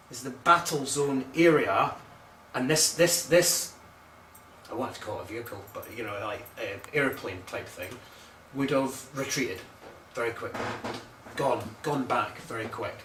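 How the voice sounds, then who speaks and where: A man serves as a medium on a ghost hunt, talking in halting, searching bursts and repeating his words. The recording is echoey and distant from the mic, with faint hum behind it. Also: mid-range voice, fairly bright tone. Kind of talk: psychic readings on a paranormal tour.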